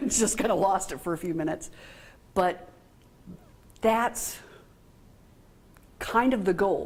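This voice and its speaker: A woman's voice: lowish voice, darkish tone. A woman giving an informal training talk to a group, frank and conversational, often asking the room questions. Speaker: workshop trainer.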